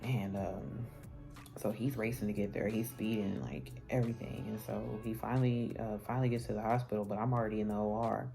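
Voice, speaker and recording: A woman's voice: very deep voice, fairly even intonation, a little fast, gravelly, mellow, faint music behind. A woman vlogger telling a personal story in a candid, casual, conversational way, with many fillers and restarts.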